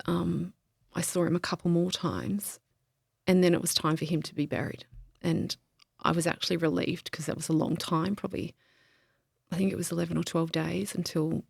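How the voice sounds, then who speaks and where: A woman speaks in a lowish, gravelly voice, telling a personal story as a podcast guest. She talks haltingly, often pausing, saying "um" and starting over. The sound is close and dry, with no room around it. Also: a little mellow, no room sound. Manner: halting, many ums and restarts. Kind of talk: emotional interview, personal story.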